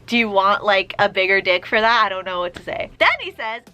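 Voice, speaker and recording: A young woman telling a personal story in a vlog, animated and exasperated. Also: medium pitch, a little fast, hardly any pauses, smooth, faint music behind. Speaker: vlogger.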